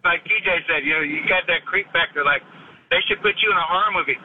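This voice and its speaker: A man's voice: fairly high pitch, fast talker, a little hiss or hum. A man from North Carolina calling in to a radio show, laughing and teasing. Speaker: caller. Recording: tinny phone line.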